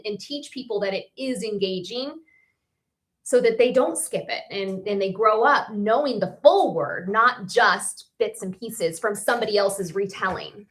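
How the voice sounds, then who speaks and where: A woman's voice: mid-range voice, a bit bright. A woman speaking as a guest on a radio talk show, earnest and thoughtful in casual conversation. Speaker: podcast guest.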